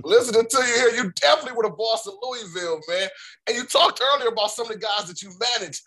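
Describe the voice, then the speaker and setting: A man hosting a wrestling podcast, loud and hyped, preaching to his audience. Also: high-pitched, fast talker, poor audio. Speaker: podcast host. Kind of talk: excited casual chat.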